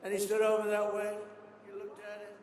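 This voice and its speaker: An older politician giving a rambling, boastful rally speech in a large hall. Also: male voice, sits high, completely flat delivery, a little fast, darkish tone. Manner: rambling, boastful storytelling with asides. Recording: echoey hall, distant PA mic, noise.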